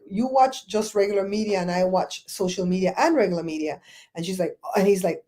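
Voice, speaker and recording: A woman's voice: fairly low pitch, a little fast, warm tone. A middle-aged woman hosting a casual talk show, ranting bluntly and telling stories with mocking quoted voices. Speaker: host.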